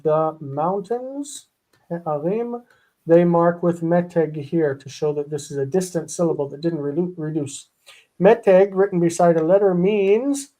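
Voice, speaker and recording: A man's voice: high-pitched, mellow. A man teaching a live online Hebrew lesson, patiently repeating terms and rules.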